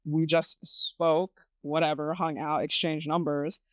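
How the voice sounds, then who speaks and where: A man co-hosting a podcast conversation, with a somewhat high pitch for a man. He tells personal stories candidly and scatters fillers through his speech. His voice sounds dry, with no room echo. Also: level tone, measured pace. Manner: candid storytelling with frequent fillers. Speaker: podcast co-host. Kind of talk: casual chat.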